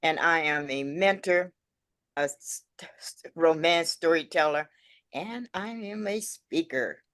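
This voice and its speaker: A woman from California speaks on a video call with a lower voice and dry, close sound. She halts and restarts as she talks. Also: fairly bright tone, dry recording. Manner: halting, stumbles over words. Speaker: mentor and speaker. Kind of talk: self-introduction on a video call.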